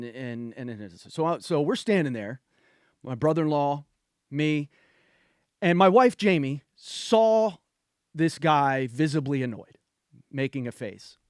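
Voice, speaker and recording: A man co-hosting a podcast in casual chat, his voice sitting a little high. He tells everyday stories with animated, chatty energy. The sound is dry and close, with no room around it. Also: dry recording. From North Carolina, USA. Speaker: podcast co-host.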